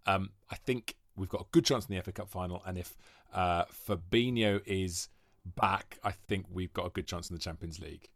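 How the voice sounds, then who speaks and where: A man in his forties from Wales, a podcast guest telling long rambling stories with quick asides in casual chat. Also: low-pitched, no echo, clean studio sound. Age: 40s.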